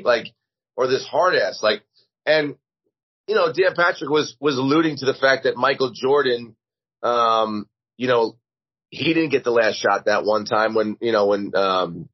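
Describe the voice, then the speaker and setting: A man's voice: medium pitch, normal speed, husky, dull audio. A middle-aged man chatting as a guest over a video call, rambling with many restarts. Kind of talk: casual chat.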